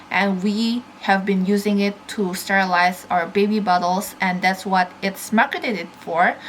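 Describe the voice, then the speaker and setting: A woman's voice: mid-range voice, fairly bright tone, slight background noise, poor audio. A young woman vlogger giving a casual, chatty product review, with plenty of fillers and restarts.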